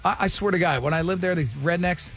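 A man's voice: high voice, fast, a bit bright, faint music behind. A man hosting a talk radio show, joking casually with his co-hosts. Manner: jokey, does mocking impressions. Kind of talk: casual banter.

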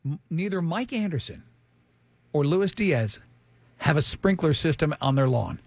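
A man's voice: a little high, lively intonation, measured pace, creaky, no echo. A man hosting a talk radio show, joking casually with his co-hosts. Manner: jokey, does mocking impressions. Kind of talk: casual banter.

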